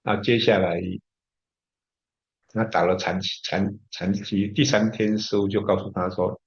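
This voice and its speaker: A man, a Buddhist monk, telling a teaching story in a relaxed, chatty way over a video call. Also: on the low side, measured pace, pauses often. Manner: relaxed, chatty, trailing particles. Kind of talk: dharma talk storytelling. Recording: dull lo-fi online call audio.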